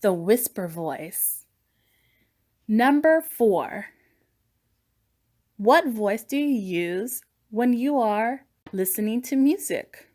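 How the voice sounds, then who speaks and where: A woman narrating a children's lesson on voices, gentle and encouraging. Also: a little high, animated, extremely slow, pauses often.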